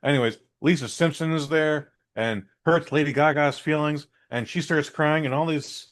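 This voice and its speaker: A man co-hosting a podcast in casual chat, rambling through stories and correcting himself as he goes. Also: normal speed. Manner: rambling storyteller, self-correcting, does squeaky voices for quotes. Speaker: podcast co-host.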